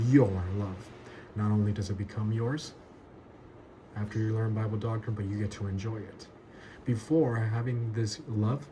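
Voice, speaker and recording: Emphatic man teaching a Bible lesson. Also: fairly low pitch. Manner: emphatic, repeats key words for stress. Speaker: pastor. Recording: noticeable background ambience noise.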